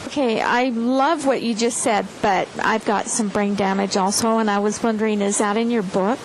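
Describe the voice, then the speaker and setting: A woman's voice: medium pitch, steady tone, moderate pace. A woman in the audience telling the speaker how much she relates, chatty and grateful. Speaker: audience member. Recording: noisy audience mic.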